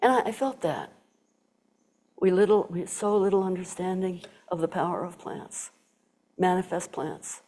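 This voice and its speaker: An older woman tells a personal story to a gathered audience, in a low and mellow voice. She acts out the voices of the people she quotes, and now and then drops to a whisper. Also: normal speed. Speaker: Zen teacher giving a talk. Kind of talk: storytelling dharma talk.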